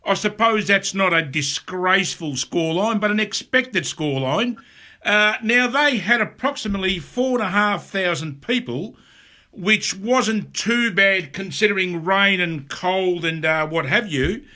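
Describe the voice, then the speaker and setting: A man co-hosting a casual football chat, fairly high and bright. He talks haltingly and leans on "uh" and "now" between thoughts. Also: expressive. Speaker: co-host.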